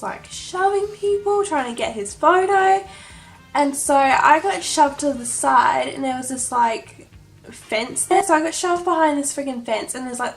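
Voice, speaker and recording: Gushing high-voiced young woman. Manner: gushing, breathless, heavy use of "like". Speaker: vlogger. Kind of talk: excited storytelling vlog.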